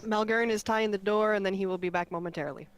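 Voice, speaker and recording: Female player, quick casual remarks, faint keyboard clicks behind. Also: medium pitch, steady tone, slight background noise. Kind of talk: casual chat at the table.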